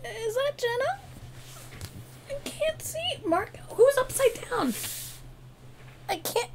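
High, gravelly young woman gushing over music. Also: big pitch swings, slow pace, a loud crowd. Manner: gushing, emotional, exclaims often. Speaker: reaction video host. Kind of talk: casual reaction commentary. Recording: loud music video playing behind.

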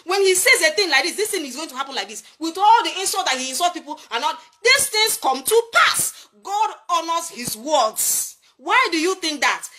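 A Nigerian woman with a very high, bright voice, delivering an impassioned commentary. She sounds preachy and emphatic and keeps firing rhetorical questions. Her tone is forceful and sharp. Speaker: political commentator.

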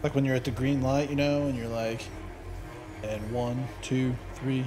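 A man's voice: mid-range voice, fairly even intonation, a little slow, over music. A man giving casual let's play commentary, chatty and rambling, drifting into tangents and swearing casually.

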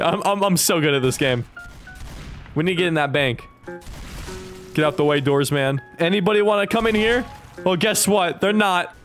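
A young man with a high, light voice runs commentary over his gameplay, joking and yelping whenever things go wrong. Faint game music plays behind him. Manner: excitable, jokey, yelps and cries out. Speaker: gaming YouTuber.

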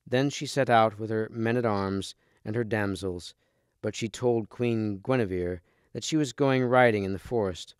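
A man reading a storybook aloud with steady, clear storytelling. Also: lowish voice, moderate pace, dry recording, studio quality. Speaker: storybook reader.

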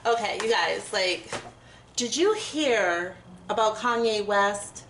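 A young woman rambles and giggles as she bakes. Her voice bounces around an echoey home kitchen. Knife chopping and clattering dishes are clearly heard behind her. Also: medium pitch, lively intonation, takes it slowly, fairly bright tone, a little hiss or hum. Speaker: vlogger. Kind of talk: casual kitchen chat while baking. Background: chopping and clinking dishes.

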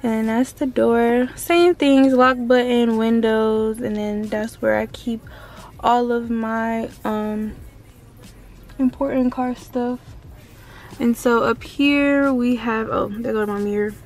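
A young woman of about nineteen, chatting excitedly in a casual vlog from inside her car, with lots of "like" and "um". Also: on the high side, takes it slowly. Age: around 19. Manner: excitable and chatty, full of fillers like "like" and "um". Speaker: vlogger.

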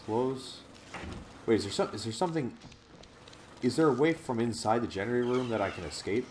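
With a medium-pitched voice and a brisk pace, this gaming video host provides let's play commentary on a horror game over slight background noise. He cracks jokes, talks to the viewer, gets jumpy, and curses whenever something startles him.

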